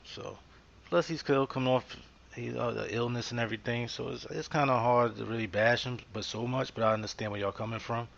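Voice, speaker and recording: A man's voice: mid-range voice, fairly even intonation, brisk, vocal fry, fairly bright tone. A man hosting a podcast in a casual, easygoing way, with many fillers. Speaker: podcast host. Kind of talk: casual sports talk. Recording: muffled lo-fi podcast audio.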